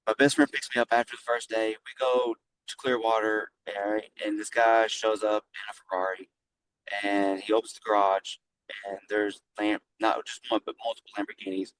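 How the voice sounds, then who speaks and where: A middle-aged man with a fairly low voice spins loose, animated stories as an interview guest. He talks casually and swears freely, and a faint hum of noise sits behind him. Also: normal speed, poor audio. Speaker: guest, flooring business owner.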